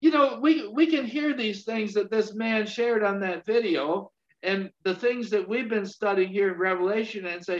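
Male preacher, high-pitched, unhurried and halting delivery, lo-fi sermon recording. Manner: slow, halting delivery with many restarts and amens. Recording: dull lo-fi recording.

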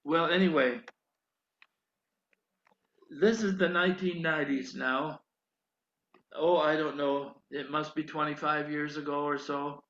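An older man with a high, gravelly voice preaches a sermon, telling his story animatedly at a measured pace with long pauses. He builds toward emphatic pleading. The recording sounds dull and echoes around a hall.

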